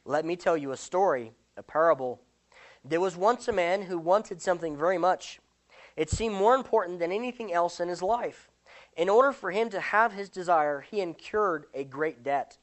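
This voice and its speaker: A religious speaker teaches a doctrine and then reads a long parable to the listeners. The delivery is earnest and deliberate, at a middle pitch. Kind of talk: sermon with parable reading.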